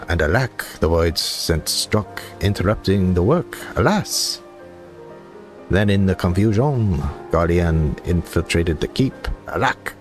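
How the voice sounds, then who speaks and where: Man plays overblown French-accented knight keeper, theatrical, low voice. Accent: French, put on. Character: fussy male knight keeper of a fortress. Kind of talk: game dialogue read aloud.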